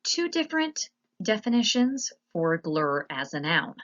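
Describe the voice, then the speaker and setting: A woman teacher narrating a slide lesson, explaining patiently and spelling words out slowly. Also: on the low side, sing-song, a bit bright, muffled recording.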